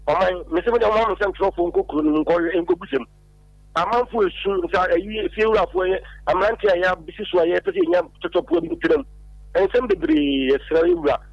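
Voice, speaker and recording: A man's voice: sits high, lively intonation, a little fast, gravelly, dry recording. A Ghanaian man calling into a radio show, pleading earnestly about a grievance. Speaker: caller. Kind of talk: phone-in complaint. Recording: dull phone line with faint music.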